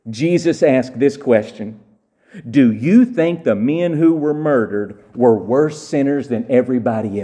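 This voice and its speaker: A man, a pastor, preaching a sermon to a church with emphatic swings from loud exclamations to quiet asides. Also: medium pitch.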